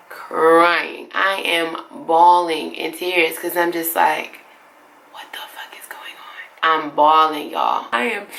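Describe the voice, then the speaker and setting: A woman in her twenties from Atlanta telling a personal story to camera in a casual, animated way, often calling her viewers "y'all". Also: on the low side, gravelly.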